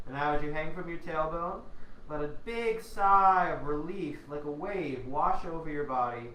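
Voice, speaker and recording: A man leading a guided voice warmup as a voice teacher, coaching calmly and without hurry. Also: mid-range voice, slight background noise. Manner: calm, unhurried coaching with spoken exercise sounds. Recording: echoey room, voice from a distance.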